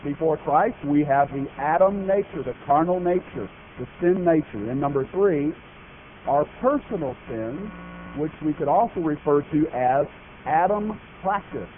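A man's voice: a little high, expressive, unhurried. A man preaching a sermon, speaking emphatically and asking his congregation questions. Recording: tinny phone-like broadcast audio with faint noise.

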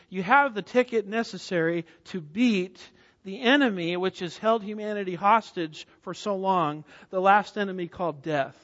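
A man's voice: high voice, fairly bright tone. A man preaching an expository sermon, emphatic, asking the congregation questions and answering them himself. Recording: dull sound with long hall reverb.

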